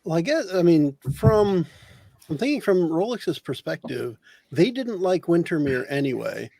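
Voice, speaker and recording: A man's voice: fairly high pitch, big pitch swings, unhurried, gravelly, mellow, no echo. A man at a tabletop game, chatting and teasing the other players. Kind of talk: casual chat at a game table.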